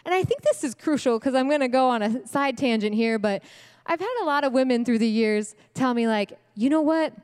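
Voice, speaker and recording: A woman delivering a sermon at a women's event, animated and slangy, laughing often. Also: fairly high pitch, brisk, clean tone. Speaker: speaker at a women's ministry event. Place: church event hall. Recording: long hall reverb.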